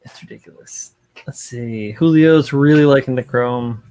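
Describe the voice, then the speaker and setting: A man's voice: mid-range voice, normal speed, a little mellow. A young man hosting a model-building livestream in loose, rambling chat, full of fillers and casual swearing. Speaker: livestream host.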